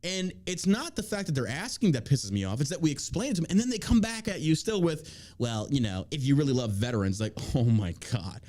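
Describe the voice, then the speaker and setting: A man's voice: on the high side, big pitch swings, brisk, few pauses, darkish tone. A man hosting a podcast in casual chat, ranting in a heated, profane way from a small studio. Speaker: podcast host.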